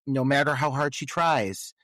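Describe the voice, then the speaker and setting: A man's voice: medium pitch, normal speed, a bit bright, no echo. A man co-hosting a podcast, giving crude, joking commentary on a film. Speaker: podcast co-host. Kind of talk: casual chat recapping a film.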